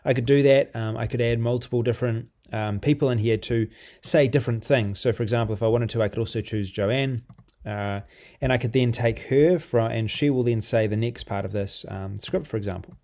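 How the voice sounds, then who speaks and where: Man, software walkthrough, mellow warm voice, casual, filler-heavy. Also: medium pitch, a little fast, creaky. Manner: loose and conversational, many ums and restarts. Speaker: software reviewer.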